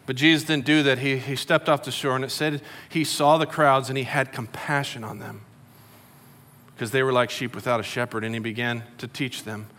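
A man's voice: mid-range voice, fairly even intonation, normal speed, bright, forceful tone. A middle-aged man preaching a sermon in a conversational, storytelling way, acting out quotes. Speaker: pastor. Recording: long hall reverb.

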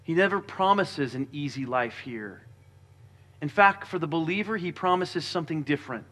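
Pastor guy preaching, kinda high bright voice, earnest, gets quieter on the bible readings. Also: animated, normal speed. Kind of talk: sermon.

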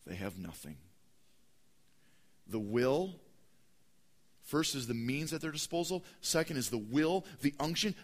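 A man preaching a sermon as pastor, emphatic and repetitive, swinging between loud and hushed delivery. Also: medium pitch, husky. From United States.

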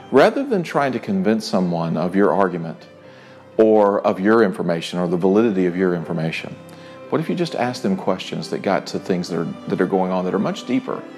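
Earnest middle-aged man preaching conversationally. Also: lowish voice. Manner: earnest, conversational preaching with animated retold dialogue. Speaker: pastor. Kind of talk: sermon.

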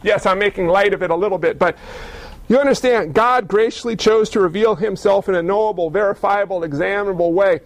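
A male pastor preaching a sermon, lively and full of rhetorical questions and wry asides. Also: sits high, a little fast.

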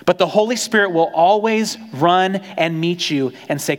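A man preaching a sermon in a conversational, animated storytelling way, acting out quotes. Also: sits high, moderate pace, big-room sound. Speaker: pastor.

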